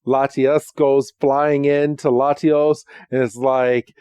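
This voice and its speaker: Slow-talking man recapping a cartoon episode. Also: medium pitch, level tone, warm tone, smooth, no room sound. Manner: chatty, with frequent ums and quick acted quotes. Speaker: podcast host.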